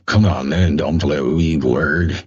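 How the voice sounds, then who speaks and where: A laid-back male streamer chats in slang. His voice is extremely deep and husky. The sound is dry and dull, like a lo-fi mic. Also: unhurried, no room sound. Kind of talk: casual chat.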